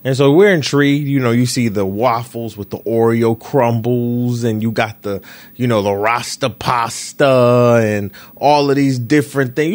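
A man hosting his own podcast from home, talking in a casual, slangy, animated way as he tells stories to his listeners. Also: medium pitch, normal speed. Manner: animated, slangy, chatty storytelling. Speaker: podcast host. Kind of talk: casual solo podcast chat. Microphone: computer mic with echo cancellation.

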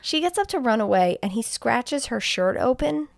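A woman podcast co-host tells a horror film's plot in a loose, animated way, cursing freely. Her voice sits fairly high. The recording is close and dry with no room sound. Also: moderate pace, creaky, dry recording. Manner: animated storytelling, swearing. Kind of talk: casual film recap.

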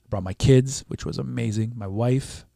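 A man's voice: medium pitch, moderate pace, vocal fry, dry recording, studio quality. A man from Canada, a podcast guest, telling a story casually, swearing often and acting out what other people said. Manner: animated, swears freely, acts out what others said. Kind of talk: casual storytelling with quoted dialogue.

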